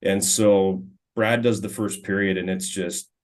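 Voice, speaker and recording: A man in his forties from Minnesota, a former hockey player and radio color commentator, telling stories in a relaxed interview, often stumbling and repeating words as he starts sentences. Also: deep voice, a little slow. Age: 40s. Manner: relaxed, frequent stammered restarts. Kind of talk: casual storytelling interview.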